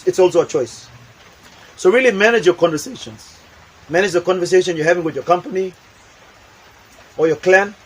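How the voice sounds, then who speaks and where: High-voiced emphatic motivational speaker man. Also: a little fast, long pauses, husky, rough recording. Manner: emphatic, repetitive, acts out examples. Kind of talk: motivational talk with acted demonstrations.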